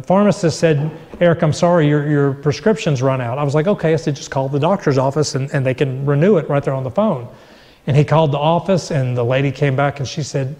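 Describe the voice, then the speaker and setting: A man's voice: fairly high pitch, a little mellow, long reverb tail. A middle-aged man sharing a personal faith testimony, acting out the dialogue as he tells it. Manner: storytelling, acts out quoted dialogue. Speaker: guest.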